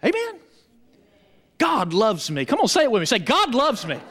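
A man preaching in a church with a strikingly high voice that swoops all over. He works the congregation in call-and-response, emphatic and animated. The sound hangs in a long hall reverb. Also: normal speed. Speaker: pastor. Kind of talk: sermon.

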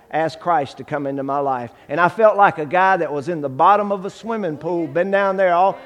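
A man giving a testimony sermon, acting out the dialogue in his story and swinging from hushed to shouting. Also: a little high, big-room sound. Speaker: guest preacher giving testimony.

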